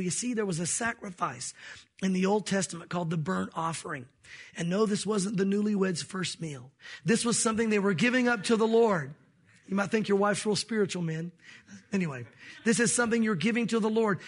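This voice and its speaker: A man's voice: sits high, slightly rough. A man preaching a sermon as pastor, emphatic and conversational with light jokes.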